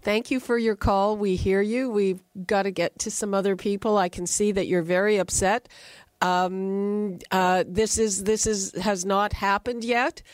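A woman hosting a call-in radio show, moving briskly between callers. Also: medium pitch, steady tone, dry recording. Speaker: radio talk show host.

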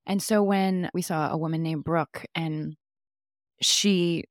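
Low-pitched woman, expressive storyteller, dry close sound; interview guest. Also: slow, no room sound. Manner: lively storyteller who acts out dialogue. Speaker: guest, mother of a nonverbal child. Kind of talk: casual interview talk.

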